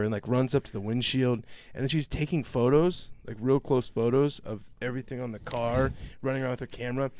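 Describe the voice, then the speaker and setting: A man co-hosting a podcast, telling a long story in a casual, profane, animated way and mimicking other people's voices. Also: mid-range voice, brisk, hardly any pauses, no echo. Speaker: podcast co-host.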